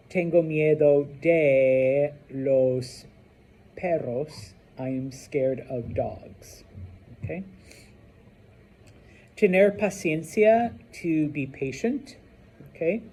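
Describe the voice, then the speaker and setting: A man teaching a Spanish lesson in a classroom, with a husky, mellow voice. He talks in an easygoing, chatty way, slowly, and keeps checking in with his students. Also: a little high. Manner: relaxed, chatty, repeats "okay?" often.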